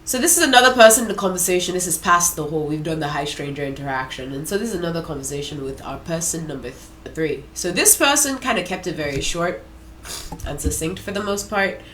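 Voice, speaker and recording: A woman in casual commentary, reading chat screenshots aloud with animated, slangy asides and laughs. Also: medium pitch. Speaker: commentary vlogger.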